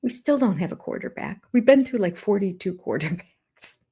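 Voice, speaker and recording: A woman's voice: medium pitch, expressive, normal speed, mellow, breathy edge. An older woman giving sarcastic, amused reaction commentary on a reality show, often laughing. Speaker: YouTube commentator.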